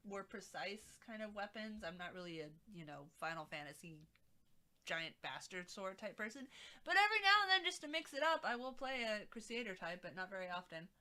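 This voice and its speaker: Une femme qui anime un stream en direct et bavarde de façon décousue, avec des remarques sarcastiques. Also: female voice, medium pitch, lively intonation, normal speed, sharp tone, smooth. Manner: rambling, sarcastic asides. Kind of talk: casual live-stream chat.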